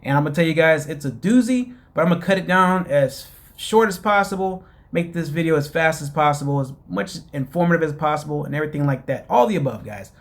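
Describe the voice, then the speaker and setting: A man's voice: on the high side, animated, fast, few pauses. A man hosting his own show, casually recapping a reality TV episode and rambling with many fillers while calling his listeners "guys.". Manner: chatty, addresses listeners as "guys". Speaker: show host.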